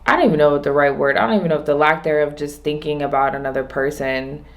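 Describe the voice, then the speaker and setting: A woman vlogging alone, talking through her day in a rambling, reflective way, often restarting and slowing down on her main points. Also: low voice, steady tone. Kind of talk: casual reflective monologue.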